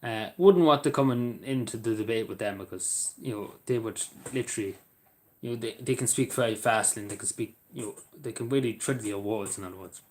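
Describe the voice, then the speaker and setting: Irish man, live-stream chat, fairly low voice, halting, lots of fillers, apologetic to viewers. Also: a little mellow. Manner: rambling, halting, with many fillers and restarts.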